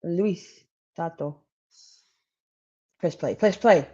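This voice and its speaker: A woman's voice: on the low side, extremely slow, dark tone, lo-fi sound. Rambling woman chatting on a live stream. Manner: rambling, laughing, swearing, chatty. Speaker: true crime streamer. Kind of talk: casual live-stream chat over court footage.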